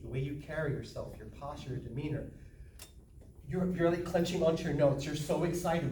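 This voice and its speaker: Mellow and a little high-pitched, a man leads a small group through a speaking-skills workshop, joking and conversational yet earnest. He is picked up from far off in an echoey room with background noise.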